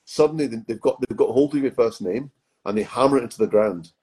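Man, middle-aged, warm dark tone, chatty rambling podcast guest. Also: mid-range voice, quick pace, husky, poor audio. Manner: chatty, rambling anecdotes with many restarts. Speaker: guest, comedy writer and actor. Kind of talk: casual podcast interview.

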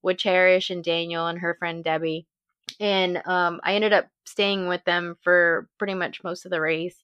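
Brief: woman, bright clear voice, lively storyteller who laughs a lot and acts out her thoughts. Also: fairly low pitch, normal speed, lo-fi sound. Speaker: race participant recounting her race. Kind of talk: casual podcast chat.

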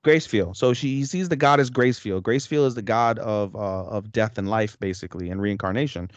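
A man's voice: on the low side, fairly quick, no echo, muffled recording. A man co-hosting a podcast, recapping a story in a rambling, slangy way with heavy swearing. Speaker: podcast co-host. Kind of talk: casual recap chat.

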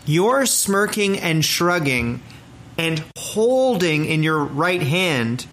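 A man's voice: fairly high pitch, very animated, slow pace, fairly bright tone. A man co-hosting a comedy podcast, trading playful, absurd jokes in casual chat. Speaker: podcast co-host.

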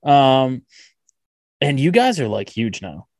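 A man's voice: mid-range voice, sing-song, takes it slowly, darkish tone, no echo, clean studio sound. A man hosting a podcast interview over a video call, enthusiastic and laughing often. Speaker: podcast host. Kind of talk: casual interview chat. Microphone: video call recording.

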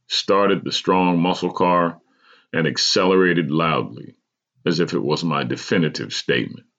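A man, a podcast host, reading his personal memoir aloud in a measured, deliberate way. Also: deep voice, a bit bright, dull audio.

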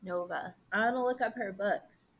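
A young woman chatting as a podcast co-host, animated and acting out quotes. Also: medium pitch, normal speed, husky. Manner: animated, acts out quotes with laughs. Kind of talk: casual chat.

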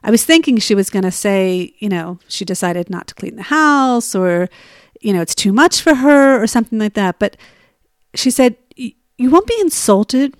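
A woman coach telling a personal story and drawing a lesson from it, in an animated way with frequent laughter. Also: mid-range voice, moderate pace, smooth, no echo, clean studio sound. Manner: animated, acts out dialogue, laughs often. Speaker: coach on getting unstuck. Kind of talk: storytelling monologue with advice.

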